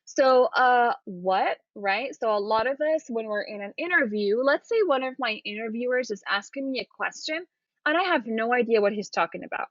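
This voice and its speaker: A woman's voice: on the high side, expressive, normal speed, dry recording. Encouraging woman coach, lo-fi dry sound. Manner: encouraging, repeats "okay?" and "right?". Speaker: interview coach. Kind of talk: demonstrating to camera.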